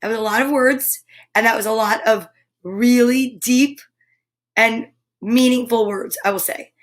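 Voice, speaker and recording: A woman's voice: fairly high pitch, steady tone, a little slow. A woman hosting a casual live show, chatting playfully with viewers and reading a tongue-twisting sentence aloud. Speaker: show host. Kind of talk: upbeat live-stream chat.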